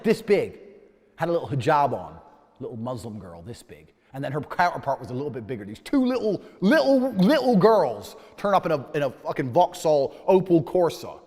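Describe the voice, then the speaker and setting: A man tells a story in an indignant rant, swearing freely as his pitch leaps up and down. His voice sits a little high for a man, and a long reverb trails behind it. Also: very animated, normal speed, a little mellow, breathy edge. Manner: indignant, profane, ranting. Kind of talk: heated anecdote.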